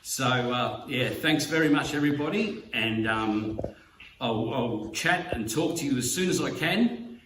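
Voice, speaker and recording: An Australian man talks through a heartfelt message, halting on fillers and dropping the odd swear word. He sits well back from the mic in an echoey room. A faint hum runs underneath. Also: mid-range voice. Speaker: slot car YouTuber. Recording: roomy, distant mic, faint background hum.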